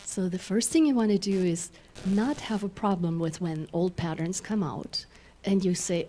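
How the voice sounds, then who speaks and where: Gentle minister. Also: female voice, on the low side, normal speed, a little hiss or hum. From German-speaking Europe. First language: German. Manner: gentle, laughs often, guides the audience through breaths. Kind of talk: spiritual talk with guided exercises.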